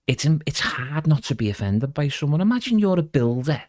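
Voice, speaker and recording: A man's voice: a little high, very animated, brisk, darkish tone, no echo, studio quality. A middle-aged man chatting as a podcast guest, rambling casually and calling the host "mate". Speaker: guest impressionist.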